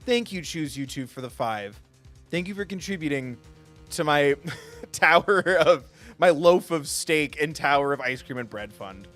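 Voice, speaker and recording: A man's voice: a little high, expressive, unhurried, a bit bright, faint music behind. Playful young male streamer. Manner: joking, playful asides to chat. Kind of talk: casual live-stream chat.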